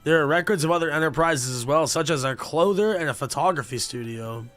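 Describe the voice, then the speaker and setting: A man's voice: a little high, a little fast, a bit bright, faint music behind. A young man livestreaming a game, chatting casually and reading game text aloud with offhand reactions, sleepy and yawning. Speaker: gaming streamer.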